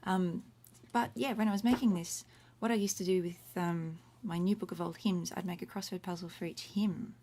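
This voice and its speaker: A woman's voice: fairly low pitch, fairly even intonation, normal speed, hardly any pauses, mellow. A middle-aged woman teaching Latin from home in a casual, chatty livestream, explaining words one by one and breaking off to comment as she goes. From Australia. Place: home room. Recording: faint room noise.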